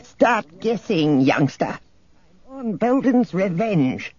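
A man voicing a feisty, triumphant old woman in an audiobook, with a high, crowing voice. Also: big pitch swings, slow pace, darkish tone, husky, muffled recording, exaggerated voice. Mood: gleeful fierce.

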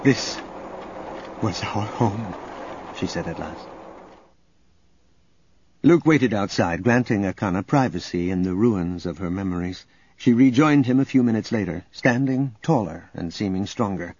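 A man narrating an audiobook in a dramatic, lively reading. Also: fairly low pitch, normal speed, breathy edge, no room sound. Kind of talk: scripted narration. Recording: dull audio under loud music.

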